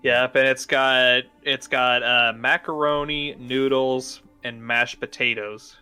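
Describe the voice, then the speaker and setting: A man's voice: mid-range voice, steady tone, slow, sharp tone, smooth, faint music behind. A young man hosting a casual online chat, hesitant and rambling, with many fillers and restarts. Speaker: podcast host ranking cartoon foods.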